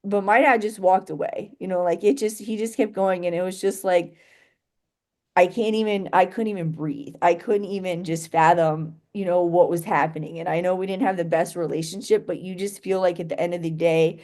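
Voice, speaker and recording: A woman's voice: on the low side, steady tone, moderate pace, darkish tone. A young adult woman telling a painful personal story in an interview, rambling and full of "like" and "you know" as she restarts her sentences.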